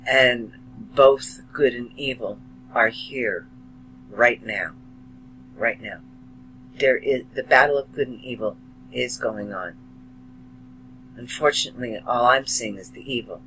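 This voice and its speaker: A man slowly and emotionally addressing his viewers in a monologue about his beliefs. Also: medium pitch, sharp tone, a little hiss or hum, low-quality recording. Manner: slow, emotional, heartfelt, dramatic pauses. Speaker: video blogger. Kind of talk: slow earnest monologue to camera.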